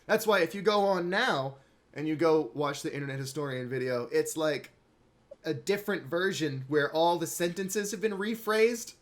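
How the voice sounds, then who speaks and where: A man's voice: a little high, normal speed. A man hosting a podcast in casual chat, talking animatedly and laughing often.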